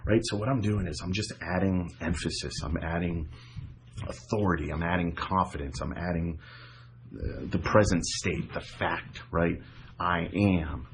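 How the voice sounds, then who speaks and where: A man's voice: low-pitched, a little hiss or hum. A man coaching viewers through a visualization technique in a casual, repetitive way, often checking in with "right?" and "okay?". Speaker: self-help coach. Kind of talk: guided instruction to camera.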